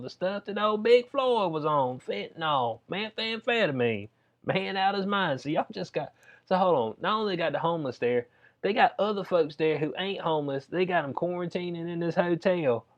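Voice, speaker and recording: A man delivers casual news commentary in a slangy, joking way, reading bits of an article and reacting to each one. His voice sits fairly high for a man. The audio is dull and lo-fi. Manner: slangy, joking, reads news aloud and riffs on it.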